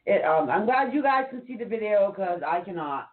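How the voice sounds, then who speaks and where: A woman's voice: medium pitch, lively intonation, normal speed. Exasperated woman co-host, tinny sound. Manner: exasperated, fussing with a computer. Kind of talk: casual livestream chat. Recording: tinny phone-like audio.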